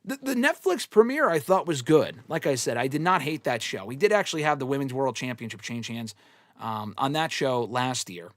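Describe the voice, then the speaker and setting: A man's voice: medium pitch, lively intonation, moderate pace, a bit bright, no room sound. Blunt, swearing man on a dry mic. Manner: blunt and opinionated, swears often. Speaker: wrestling podcast host answering fan questions. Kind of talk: casual live Q&A commentary.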